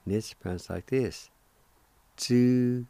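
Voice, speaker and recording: A man's voice: on the low side, slow pace, dark tone, dry recording. A man hosting a radio language lesson, spelling words letter by letter and repeating each syllable with care. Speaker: radio host teaching Cherokee words. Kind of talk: slow, careful language lesson.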